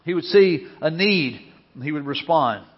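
A man's voice: a little high, lively intonation, moderate pace, breathy edge. A man preaching a sermon as pastor, earnest and repeating his key phrases for emphasis. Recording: dull lo-fi sound with long hall reverb.

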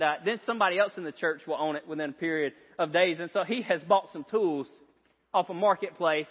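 High-voiced pastor preaching in a reverberant hall. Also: male voice. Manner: storytelling, laughs often, repeats phrases for emphasis. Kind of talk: sermon. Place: church sanctuary. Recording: dull sound in a long-reverb hall.

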